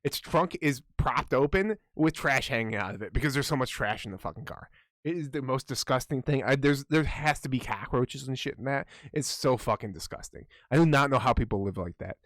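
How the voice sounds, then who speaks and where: A man's voice: medium pitch, lively intonation, fairly quick, fairly bright tone, dry recording, studio quality. A man co-hosting a podcast in casual chat, ranting heatedly and swearing a lot. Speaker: podcast co-host.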